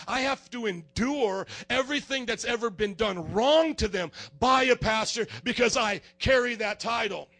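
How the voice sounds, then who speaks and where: High gravelly preaching American man. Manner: animated preaching, acts out fans in high excited voices. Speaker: pastor. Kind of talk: sermon.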